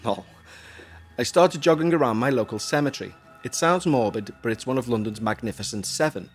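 A man's voice: mid-range voice, expressive, brisk, faint music behind. Man, podcast co-host, casual, reads emails aloud, jokey, self-mocking. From Huyton, Merseyside, England.

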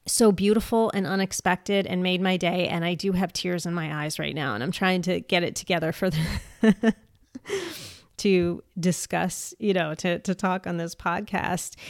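A woman's voice: fairly low pitch, clean tone, dry recording, studio quality. A woman in her forties hosting a podcast, talking frankly and with emphasis and swearing freely. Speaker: podcast host. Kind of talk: casual podcast talk.

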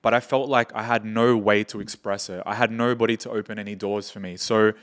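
A man's voice: on the low side, steady tone, fairly quick, fairly bright tone. A young Australian man, a podcast guest, telling anecdotes in casual chat, swearing freely and quoting people in his stories.

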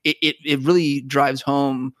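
A man in casual podcast conversation, rambling through his thoughts with plenty of fillers and restarts. His voice sits at a middle pitch. It is recorded dry and close. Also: flat delivery, measured pace, a bit bright, no room sound. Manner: rambling, many restarts and "like" fillers, laughs often. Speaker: podcast co-host. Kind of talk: casual recap chat.

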